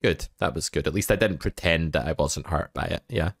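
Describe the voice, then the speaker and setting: A man with a Scottish accent hosting a podcast, talking in a flat, monotone way with dry, deadpan humor. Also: very deep voice, a little fast, gravelly. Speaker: podcast host. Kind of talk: casual chat.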